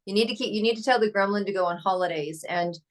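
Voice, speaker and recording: Female podcast host, casual and lively, mid pitch, acts out quotes. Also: fast. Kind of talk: casual interview chat.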